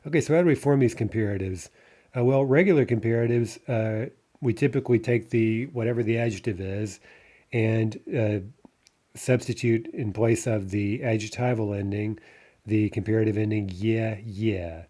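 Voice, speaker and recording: A man's voice: fairly low pitch, normal speed, mellow. A man teaching a recorded language lesson, explaining patiently with frequent "right?" checks and filler sounds. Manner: explanatory, repeats "right?" often, hesitant fillers.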